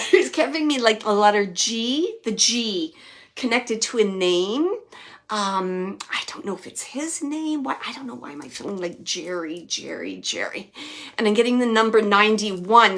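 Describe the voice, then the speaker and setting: A woman hosting a live spirit-reading chat as a medium, chatty, often laughing, relaying quoted messages in a lively way and dropping to soft murmurs as she searches. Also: medium pitch. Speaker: psychic medium host.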